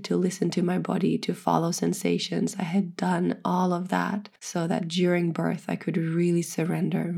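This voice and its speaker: Low, gravelly-voiced woman telling her story. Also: warm tone. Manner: frank, earnest, with frequent swearing. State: pregnant. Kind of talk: candid personal storytelling.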